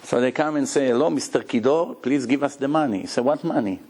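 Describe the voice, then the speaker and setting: A man, a rabbi telling stories in a Torah lecture, acting out characters with shouts and laughter in slightly broken English. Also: mid-range voice, quick pace. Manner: animated storyteller, acts out characters with shouts and laughs. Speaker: rabbi teaching Talmud.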